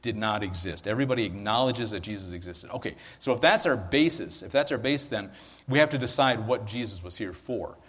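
A man's voice: lowish voice, a little fast, fairly bright tone, big-room sound. A man giving a chatty, conversational sermon as pastor, often checking in with his listeners. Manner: chatty, asks listeners "right?". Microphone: handheld or stand mic.

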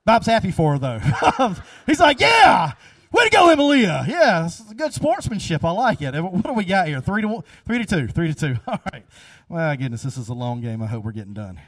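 A man's voice: a little high, sing-song, fairly quick, no room sound, recorded from a distance. A man leading a casual, chatty sermon after an audience guessing game, upbeat and repeating himself.

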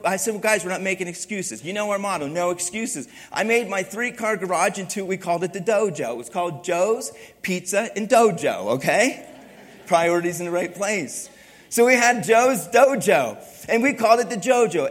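A pastor delivering a lively sermon in a high, light male voice. He moves between punchy, emphatic bursts and soft, hushed stretches. His voice rings with a long hall reverb. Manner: animated preaching, swings from loud bursts to hushed, intimate delivery.

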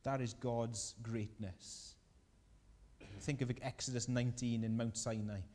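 A man preaching a sermon in a church hall, lively and emphatic, often asking his listeners questions. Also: medium pitch, a little slow.

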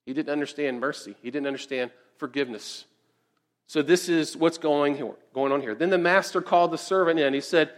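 A pastor preaching a conversational sermon in church, often checking in with the congregation with quick asides. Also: male voice, fairly high pitch. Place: church sanctuary.

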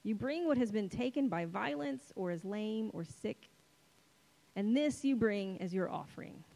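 A woman's voice: medium pitch, expressive, creaky, dark tone, rough recording. Woman preacher, casual sermon delivery, playful, lingers on key words. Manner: conversational and playful, dramatic pauses on key words.

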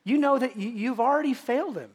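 A man preaching a sermon as pastor, animated and swinging between loud emphasis and hushed delivery. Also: very high voice, fast talker, slightly rough.

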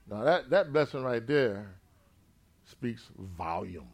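A man preaching a sermon. He retells a scripture story in his own words, dropping in "amen" and swinging between loud and quiet. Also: mid-range voice, very animated, slow.

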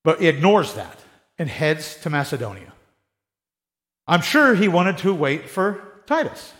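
A man's voice: on the high side, sing-song, a little slow, a bit bright. A man preaching a sermon in a conversational way, often acting out the voices of people he quotes. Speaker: pastor.

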